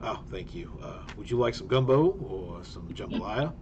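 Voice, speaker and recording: A man voicing a polite middle-aged male diner manager with a Georgia drawl, answering slowly with fillers. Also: on the low side, expressive, a little mellow, muffled recording, voice pushed down, close to an everyday voice. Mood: obliging. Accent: Southern US, Georgia.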